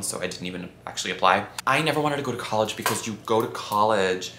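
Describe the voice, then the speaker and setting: A campy, expressive young man of about twenty chats through a viewer Q&A. His voice sits a little low but comes out bright and forceful. The room around him is echoey, with a faint hiss underneath. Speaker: YouTuber. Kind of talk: casual Q&A vlog.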